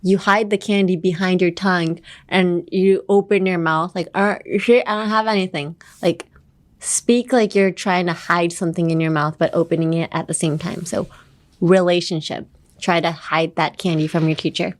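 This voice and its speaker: A woman's voice: lowish voice, fairly even intonation, moderate pace. A woman hosting a podcast English lesson, playful and teasing, slipping between English and Japanese. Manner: playful, teasing, laughs often. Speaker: English teacher host.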